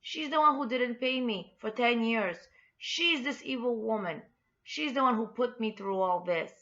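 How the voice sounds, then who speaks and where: A woman voicing a scheming, accusing woman plaintiff who speaks with a foreign accent, in a strident high voice. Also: normal speed, fairly bright tone, lightly acted. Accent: an unnamed foreign accent. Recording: dull lo-fi recording.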